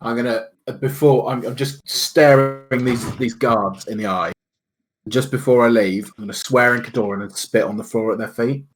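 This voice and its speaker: A man's voice: medium pitch, moderate pace, low-quality recording. A man playing a tabletop game, describing his character in an emphatic, drawling way. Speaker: player.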